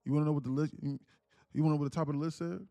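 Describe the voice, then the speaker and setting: A man's voice: fairly high pitch, steady tone, rapid-fire, gravelly, dark tone, no room sound. A man hosting a trading livestream, telling a personal story casually, emphatic and repetitive with many restarts.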